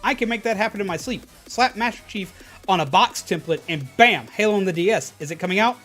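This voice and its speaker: High-voiced man telling rambling stories. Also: fast, soft background music. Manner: animated, rambling, frequent restarts. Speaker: streamer. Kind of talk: casual storytelling chat.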